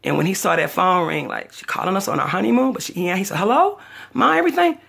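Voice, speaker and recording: With a lowish, slightly bright voice, lively intonation, vocal fry and a quick pace, a talkative older woman shares a personal tale on her vlog. She tells it dramatically, performing the voices of everyone else involved.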